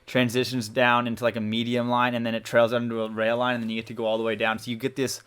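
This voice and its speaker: A man's voice: medium pitch, monotone, fast, a bit bright, smooth. Young male co-host, mid-range voice, chatty and enthusiastic. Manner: enthusiastic, rambling, uses "like" often. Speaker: podcast co-host. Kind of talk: casual chat.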